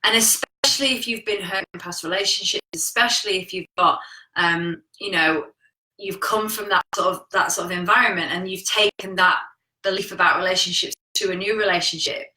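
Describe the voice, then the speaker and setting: A woman's voice: fairly low pitch, steady tone, a little fast, sharp tone, echoey room, low-quality recording. A woman coaching viewers on relationships and communication in a frank, chatty live talk, swearing casually. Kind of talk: live-streamed talk reading viewer comments.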